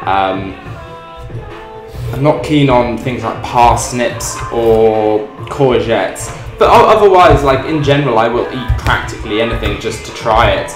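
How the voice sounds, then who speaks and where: A man's voice: mid-range voice, animated, a little slow. Young man, British accent, rambling livestream chat, ums and restarts, echoey room. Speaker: livestream host. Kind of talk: casual chat while cooking and reading chat. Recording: roomy echo, faint music behind.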